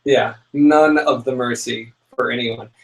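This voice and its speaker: A young man co-hosting a casual chat show, telling a story with lively, dramatic outbursts. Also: mid-range voice, measured pace, vocal fry, rough recording. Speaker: podcast co-host.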